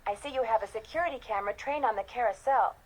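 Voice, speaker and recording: A polite, inquisitive young woman detective, voiced by an actress, asks question after question. Her voice is slightly breathy and sits at a middle pitch. It sounds like adventure game dialogue. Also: fast, darkish tone, lightly acted.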